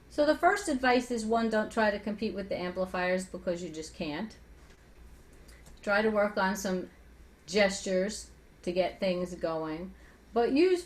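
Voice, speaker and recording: Energetic woman voice coach. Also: fairly high pitch. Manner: energetic, chatty, asks rhetorical questions; speaks with a singer's trained voice. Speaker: voice coach guest. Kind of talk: conversational teaching with vocal demonstrations.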